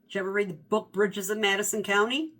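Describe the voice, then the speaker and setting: A woman in her fifties talks through her favorite reads of the year in a loose, rambling way. Her voice is bright and forward. She corrects herself often and stays animated. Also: mid-range voice, quick pace. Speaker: book vlogger. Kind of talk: casual book review chat.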